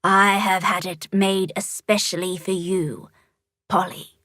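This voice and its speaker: A woman's voice: steady tone, slow pace, sharp tone, no room sound, clean studio sound. Carmen, growly monster mayor, voiced by a woman. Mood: gentle, solemn. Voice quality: low, growly. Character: low growly female monster mayor, kindly.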